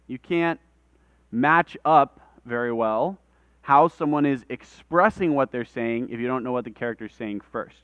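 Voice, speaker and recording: A man teaches a room full of people in a relaxed, conversational way. His voice is smooth and clear, with a dry, slightly dull lo-fi recording sound. He explains things step by step and talks with his hands. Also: mid-range voice, measured pace, no echo. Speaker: workshop presenter. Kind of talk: live workshop lecture. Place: conference room with audience.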